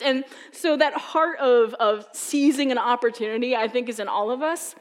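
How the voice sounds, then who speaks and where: A woman's voice: fairly high pitch, normal speed, hardly any pauses, big-room sound. A woman from the US East Coast giving a casual sermon, telling funny stories in a chatty way full of "like". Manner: humorous, chatty storytelling with frequent "like". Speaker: preacher. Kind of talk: conversational sermon.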